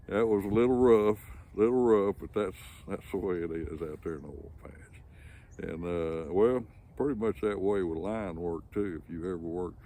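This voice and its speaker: An older man, a storyteller and channel host, telling a folksy story in a drawling, homespun, unhurried manner. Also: deep voice, dark tone, a little hiss or hum.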